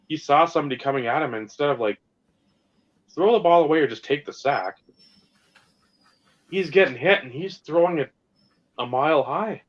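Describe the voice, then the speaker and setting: A man co-hosting a podcast, talking casually and ranting with plenty of swearing. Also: mid-range voice. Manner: animated, profane ranting. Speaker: podcast co-host. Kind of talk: casual sports and hobby chat. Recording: slightly dull lo-fi sound.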